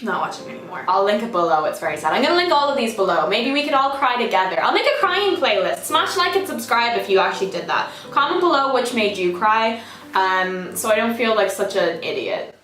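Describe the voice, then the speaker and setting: A woman's voice: a little high, very animated, fairly quick, a bit bright, reverberant, distant mic. A young woman talking casually to camera as a vlogger, emotional and self-mocking, with frequent swearing. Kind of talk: casual vlog chat.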